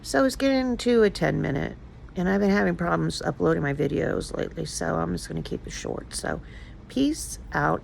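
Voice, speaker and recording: A woman's voice: on the low side, gravelly, a little mellow, a little hiss or hum, rough recording. An older woman talking casually in a personal vlog, emotional and rambling as she confides in her viewers. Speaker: vlogger.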